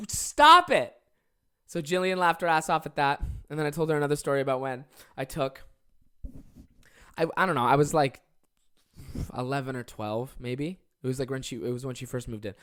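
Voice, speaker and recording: A young adult podcast host, telling stories in a casual, animated way, swearing freely and acting out the people in them. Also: mid-range voice, clear, resonant tone. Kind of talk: casual comedic storytelling.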